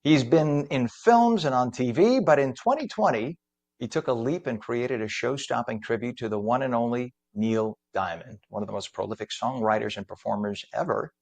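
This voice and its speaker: A man's voice: mid-range voice, moderate pace, a little mellow. A middle-aged man hosting a morning TV news and talk show, chatty and a bit rambling, reading traffic and introducing guests. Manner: chatty, rambling, self-deprecating.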